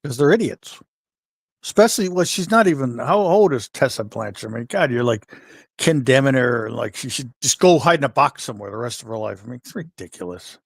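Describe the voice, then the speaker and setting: A man's voice: mid-range voice, animated, fairly quick, creaky, husky, no echo, studio quality. A man co-hosting a wrestling podcast, blunt and opinionated, swearing and joking. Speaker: podcast co-host. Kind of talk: casual wrestling talk.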